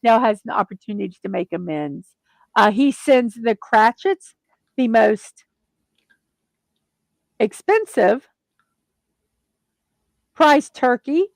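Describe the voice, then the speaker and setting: A woman's voice: fairly high pitch, animated, takes it slowly, creaky, pauses often, no room sound. Chatty middle-aged woman retelling a film. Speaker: host. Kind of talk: casual chat.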